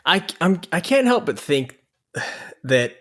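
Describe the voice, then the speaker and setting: A man's voice: a little high, big pitch swings, takes it slowly, fairly bright tone. A man co-hosting a podcast in casual chat with wry, self-deprecating remarks. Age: older than his sister. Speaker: podcast co-host.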